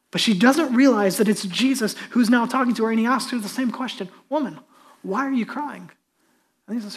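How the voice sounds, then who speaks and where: A male pastor giving a conversational sermon that rises to emphatic, louder peaks. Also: sits high.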